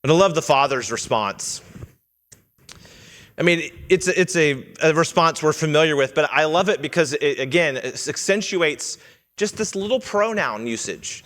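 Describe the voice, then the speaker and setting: A man's voice: on the high side, expressive, normal speed, fairly bright tone. A man preaching a sermon in a church, earnest and teaching in tone, asking the congregation questions. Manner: earnest, teaching, with quoted lines read in character. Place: church sanctuary. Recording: long reverb of a church hall.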